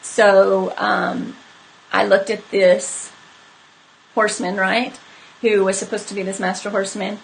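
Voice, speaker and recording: A woman's voice: mid-range voice, level tone, a little slow, creaky, pauses often, slight background noise, rough recording. A woman telling a personal story to live viewers in a candid, conversational way, with many fillers. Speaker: horse trainer hosting a live stream.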